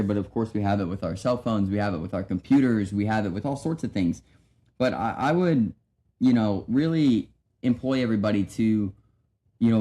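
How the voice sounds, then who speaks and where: With a warm, somewhat low voice, a young podcast host delivers a relaxed devotional talk. He often restarts mid-thought, leans on "right?", and slips in asides to the audience.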